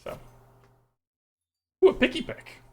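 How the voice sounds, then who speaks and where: A young man streaming a card game, thinking aloud and humming to himself as he weighs each play. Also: takes it slowly. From Texas. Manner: thinks aloud, mutters and hums while weighing plays.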